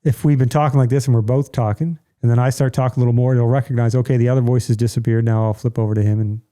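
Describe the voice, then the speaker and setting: A man's voice: mid-range voice, steady tone, very fast, dark tone. A middle-aged man hosting a casual podcast from home, blunt and ranting, with a joking streak. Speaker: podcast host.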